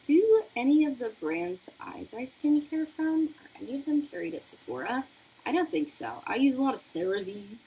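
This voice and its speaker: A young woman with a high, sing-song voice hosts a beauty livestream from her apartment, bubbly and chatty as she does her makeup and reads viewer messages aloud. She speaks at a moderate pace with a dark, breathy tone. The rough recording carries the faint hiss of a noisy radiator in the room.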